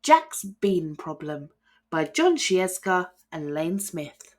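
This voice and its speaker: Expressive woman reading a picture book. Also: fairly low pitch, takes it slowly. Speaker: storybook reader.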